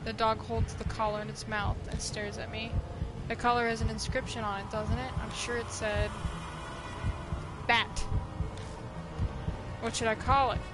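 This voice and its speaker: A woman hosting a let's play, reading game text aloud and swearing excitedly at the game. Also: on the high side, fairly quick, very noisy. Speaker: gaming video host.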